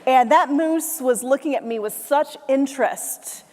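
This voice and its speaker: High-voiced woman keynote speaker in a hall. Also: a little slow. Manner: animated storyteller, acts out family voices, laughs along. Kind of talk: motivational keynote storytelling. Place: large hall with live audience. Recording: long hall reverb.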